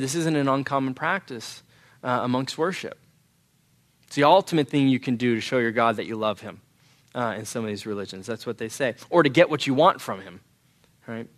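A young adult pastor tells a personal story during a sermon, speaking earnestly and haltingly and frequently clearing his throat. His voice is medium-pitched with a fairly bright tone.

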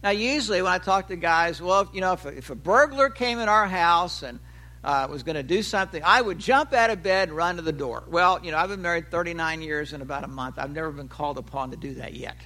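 A man in his sixties delivers a sermon in a high, ringing voice. He talks with animation, lifting his pitch for quoted lines and letting his phrases trail off low and quiet. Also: fast. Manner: animated preaching, voice rising for acted quotes and dropping low at phrase ends. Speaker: pastor.

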